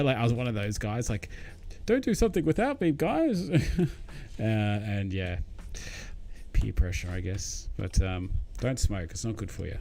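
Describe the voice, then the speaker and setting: A man's voice: on the low side, dark tone, a little hiss or hum. Chatty Australian man, rambling live stream. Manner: rambling, chatty, many fillers, addresses viewers by name. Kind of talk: casual live-stream chat while building.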